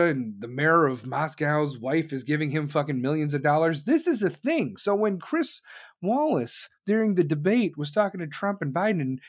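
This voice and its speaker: A man hosting a show, ranting casually with heavy swearing and mocking impressions of people. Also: a little high. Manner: loud, animated, heavy swearing, mocking voices. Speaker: show host. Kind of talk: profane rant on a talk stream.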